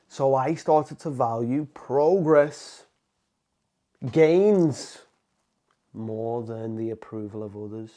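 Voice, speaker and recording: A motivational coach speaks straight to camera in an emphatic, casual style, addressing the viewer as "man." His voice is mid-range with a dark tone.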